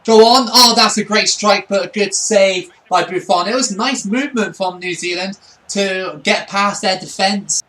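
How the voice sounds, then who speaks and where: A man giving excitable play-by-play commentary over his own football video game, swinging between quiet asides and shouts. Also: high-pitched, measured pace. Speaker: gaming channel host.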